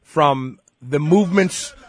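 A man's voice: fairly high pitch, slow pace, dry recording. A man hosting a radio talk show, speaking emphatically with fillers and restarts.

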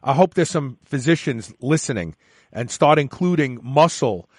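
A man hosting a radio talk show, speaking in an emphatic, lively way. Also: medium pitch, moderate pace, husky, no echo, clean studio sound.

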